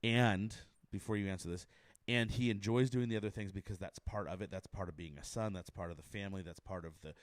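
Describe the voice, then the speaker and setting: Fast-talking deep-voiced podcast host. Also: male voice, steady tone, dry recording. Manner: chatty, eager, rambling questions. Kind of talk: casual interview talk.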